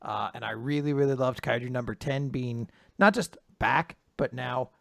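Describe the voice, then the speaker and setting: A man's voice: medium pitch, normal speed, creaky, dry recording, studio quality. A man co-hosting a podcast, enthusiastically and casually praising a manga chapter. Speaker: podcast co-host. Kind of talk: casual chat.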